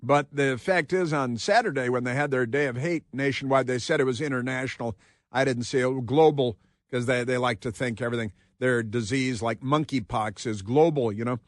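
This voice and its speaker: A man's voice: medium pitch, brisk, no echo, studio quality. A man hosting a political talk radio show, delivering a combative, sarcastic monologue that rambles with frequent restarts.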